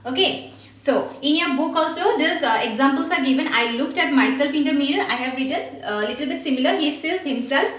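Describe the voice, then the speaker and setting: A woman teacher giving an online grammar lesson, repeating points slowly and asking "what?" to prompt her students. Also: sits high, fairly bright tone. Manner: slow, repetitive teaching with rhetorical "what?" questions. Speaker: school teacher. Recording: dull, roomy recording from a distance.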